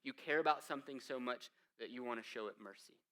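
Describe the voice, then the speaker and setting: A man preaching a sermon as the church's pastor, in a conversational style with asides, moving between hushed and emphatic delivery. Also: medium pitch, quick pace. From United States.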